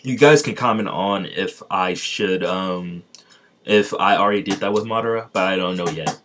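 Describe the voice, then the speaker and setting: Guy rambling thru a fan story, lowish voice, lots of ums and restarts, laughs a lot. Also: moderate pace, a bit bright. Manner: rambling, full of fillers and restarts, laughs often. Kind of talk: casual fan-story narration.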